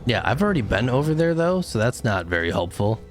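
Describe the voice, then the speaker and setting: Young guy streaming a game, super lively voice, gets mad at puzzles, talks to chat. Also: medium pitch, fairly quick, soft background music. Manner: animated, frustrated outbursts, chatting with viewers. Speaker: gaming streamer. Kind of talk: live game commentary.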